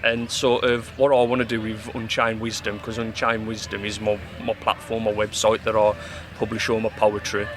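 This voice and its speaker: A man's voice: fairly low pitch, monotone, moderate pace, few pauses, noisy background. A man from the Midlands, a poet talking casually in an interview outdoors at an event, plain-spoken and calling the host mate. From English West Midlands. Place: outdoor event with music behind. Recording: outdoor event with loud music behind. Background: live music.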